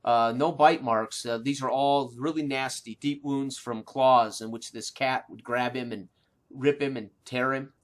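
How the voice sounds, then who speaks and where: A man runs a tabletop game as game master, describing the scene at a middling pitch. He hesitates a lot, restarting phrases and filling gaps with "uh." He slows down to stress key moments. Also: steady tone. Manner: hesitant, many fillers and restarts, slows for emphasis.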